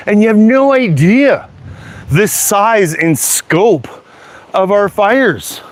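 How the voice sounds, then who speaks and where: Man, fairly high voice, angry profane rant while walking down a sidewalk outdoors. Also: expressive, slow pace. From Canada. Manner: heated, profane, repetitive swearing.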